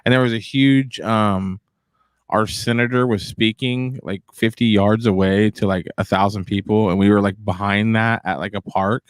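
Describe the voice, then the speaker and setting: A man co-hosting a live talk show, a father who tells stories in a lively, slangy way. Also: fairly low pitch, moderate pace, clear, resonant tone, no room sound, studio quality. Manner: animated storyteller, casual slang. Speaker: co-host of a missing persons show. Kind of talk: casual live-stream talk.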